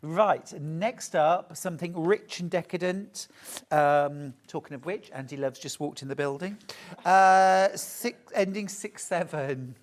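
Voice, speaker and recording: Chatty low-voiced woman shopping presenter. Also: unhurried. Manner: chatty, gushing over fabrics. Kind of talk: live TV shopping demonstration.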